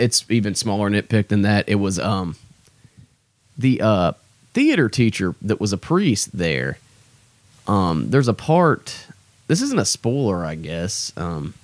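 A man's voice: on the low side, no echo. A young man hosting his own podcast, rambling in a casual, self-deprecating way with lots of fillers. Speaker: podcast host. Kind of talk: casual solo podcast chat.

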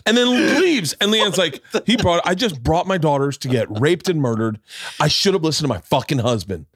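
A middle-aged man hosting a podcast, telling a story in a loud, profane, animated way and acting out the voices in it. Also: a little high, normal speed, dry recording, clean studio sound. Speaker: podcast host. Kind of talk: casual storytelling chat.

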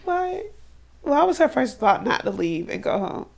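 Animated woman with a gravelly voice. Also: high voice, unhurried. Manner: animated, acts out quotes, slangy. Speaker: podcast co-host. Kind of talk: casual chat recapping a horror novel.

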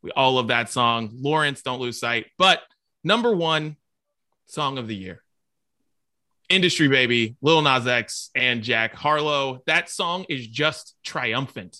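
Brief: male podcast co-host, bright tone, dry close sound, emphatic casual delivery. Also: medium pitch, measured pace, dry recording. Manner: emphatic, ranting about songs. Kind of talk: casual chat.

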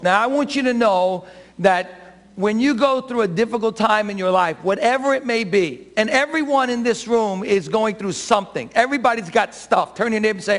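A man's voice: high-pitched, lively intonation, normal speed, fairly bright tone. A middle-aged man preaching a sermon as pastor, emphatic and full of rhetorical questions to the congregation. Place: church sanctuary. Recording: reverberant church hall.

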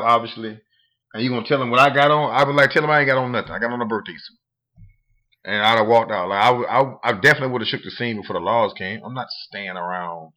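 Bright, frank man chatting. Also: fairly low pitch. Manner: relaxed, frank, repeats himself for stress. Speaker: podcast co-host. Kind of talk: casual chat.

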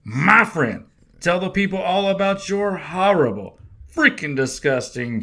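A man's voice: sits high, very animated, unhurried, gravelly, bright, forceful tone. A man with a Texan accent co-hosting a sports betting podcast, bantering with boastful jokes. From Texas. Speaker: podcast co-host. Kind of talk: casual sports podcast chat.

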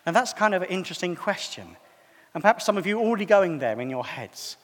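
A man's voice: high voice, lively intonation, fast, big-room sound. A man preaching a sermon in a conversational, self-deprecating way.

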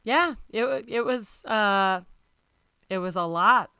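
A woman's voice: medium pitch, slow, sharp tone, smooth. A woman in an improvised comedy scene, talking in a hesitant, politely evasive way.

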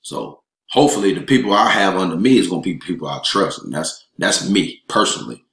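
A man with a very low voice talks casually as a guest, emphatic and streetwise. His words run on in bursts. The room around him rings with echo. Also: big pitch swings, fairly quick, gravelly, a bit bright. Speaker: elementary school teacher and interview guest. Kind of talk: casual chat. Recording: roomy echo.

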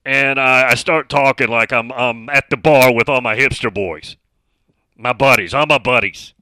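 A man's voice: medium pitch, normal speed, sharp tone, clear, resonant tone, no room sound. A middle-aged man hosting a sports talk radio show, speaking emphatically and reading out listener messages.

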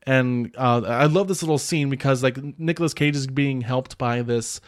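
A man's voice: mid-range voice, normal speed. A man in a mid-range voice talks through a film scene by scene in a loose, chatty podcast manner. He rambles, piles on filler words and backtracks as he goes, chuckling now and then. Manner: rambling, many filler "like"s and restarts, chuckles often. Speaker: podcast host reviewing a film. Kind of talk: casual film recap.

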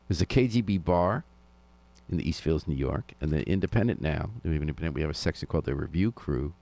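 Wry low-voiced male radio host. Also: creaky, a little mellow. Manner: wry, sardonic commentary. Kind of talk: local news talk radio with music. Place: radio studio.

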